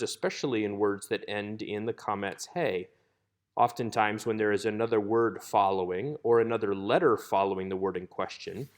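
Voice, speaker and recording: A man giving a recorded lecture on Hebrew grammar over slides, explaining methodically step by step. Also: on the low side. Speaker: Hebrew instructor.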